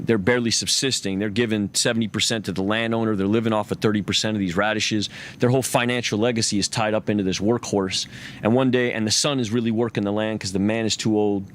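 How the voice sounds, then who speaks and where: A man's voice: lowish voice, a little hiss or hum. A man telling a long story in casual talk. He swears freely, rambles, and often restarts his sentences. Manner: profane, rambling, restarts a lot. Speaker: interview guest.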